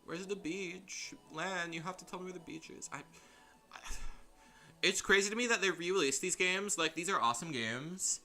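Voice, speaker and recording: A young man with a high voice streams a game, talking at a moderate pace in a bright, forceful tone. The let's-play commentary is casual, chatty, and rambling, with frequent self-deprecating laughter over faint game music.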